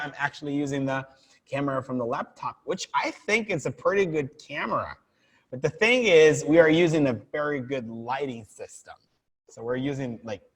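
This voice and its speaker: A man teaching a live online English class, encouraging and drilling pronunciation with his students. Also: fairly high pitch. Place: room with lighting setup, filmed on laptop. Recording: reverberant room.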